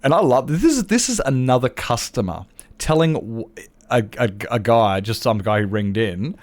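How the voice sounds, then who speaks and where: An Australian man streaming a game and chatting casually, telling animated stories and acting out other people's lines, with chuckles and restarts. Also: mid-range voice, moderate pace. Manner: animated storyteller who acts out customers' lines; frequent chuckles and self-interruptions. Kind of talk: casual chat while gaming.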